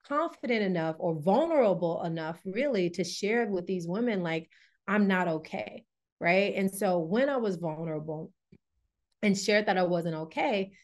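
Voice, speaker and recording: Candid, animated woman wellness coach. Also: fairly low pitch. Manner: candid and animated, laughing often. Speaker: podcast guest, wellness coach. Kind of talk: conversational interview.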